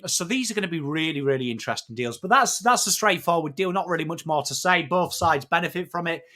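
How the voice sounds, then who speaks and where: Bright-voiced English live-stream host. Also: male voice, a little high, fast. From England. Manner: matey, excitable, swears freely, greets chat by name. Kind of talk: casual live-stream chat and trade analysis.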